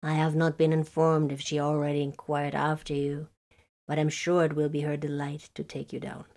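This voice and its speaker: A woman reader voicing a calm, formal male navigator with mechanical jaws, his voice set apart by a different tone. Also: deep voice, moderate pace. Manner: formal, deferential.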